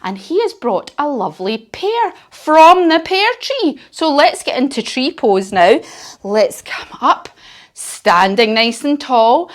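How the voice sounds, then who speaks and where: A woman leading a children's yoga lesson as a story, encouraging and sing-song. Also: on the high side.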